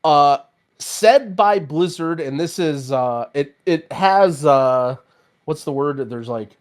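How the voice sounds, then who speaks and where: A man's voice: a little high, expressive, takes it slowly. A young man co-hosting a gaming podcast, ranting in casual chat with lots of restarts and fillers. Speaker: podcast co-host.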